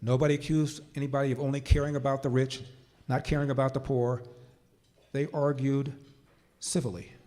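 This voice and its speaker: A man's voice: mid-range voice, little pitch movement. Older man telling a story from a stage. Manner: storyteller who slows down and drops quiet for emphasis, then rises to forceful points. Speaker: conference speaker. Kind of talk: political speech with personal storytelling. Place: conference hall stage.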